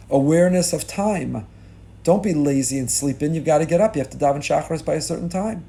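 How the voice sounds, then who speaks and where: Middle-aged rabbi preaching, fired up, dark mellow voice a bit high, hebrew terms sprinkled in. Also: male voice. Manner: impassioned, rising emphasis on key lines; mixes Hebrew and Yiddish religious terms. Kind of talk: sermon.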